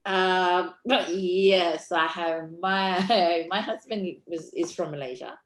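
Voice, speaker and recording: A woman's voice: lowish voice, slow. A woman from the Cocos Keeling Islands with an Australian accent, talking loosely as an interview guest with many fillers. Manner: loose and rambling, full of "you know" fillers. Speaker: guest, visitor centre worker. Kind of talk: casual interview chat.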